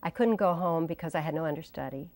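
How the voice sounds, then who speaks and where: A woman's voice: deep voice, quick pace, a little mellow, dry recording. A woman in her sixties, an interview guest, telling stories animatedly and acting out the voices of people she quotes. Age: 60s. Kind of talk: casual storytelling interview.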